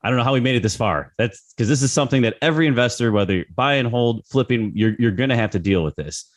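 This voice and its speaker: A middle-aged man hosts a podcast in easy, casual chat. His voice is a little hoarse and sits at an ordinary middle pitch. He often stammers and repeats words. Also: quick pace. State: slightly hoarse, lost voice a little. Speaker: podcast host.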